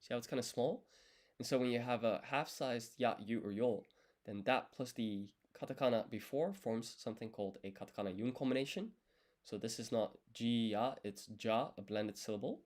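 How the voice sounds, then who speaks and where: Speaking at a moderate pace in a medium-pitched, slightly mellow voice, a young man studies live on stream. As he writes, this language learner counts strokes and patiently explains each step, thinking aloud casually.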